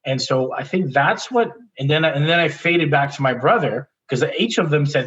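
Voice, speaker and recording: A man's voice: on the high side, normal speed, few pauses. Candid storytelling man, slightly muffled audio. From Canada. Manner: animated, restarts often, laughs while telling. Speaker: interview guest.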